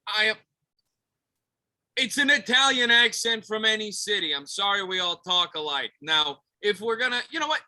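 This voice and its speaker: A man's voice: high voice, animated, normal speed, bright, forceful tone, dry recording. A man from Chicago, a wrestler cutting a scornful, insulting heel promo. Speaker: wrestler guest.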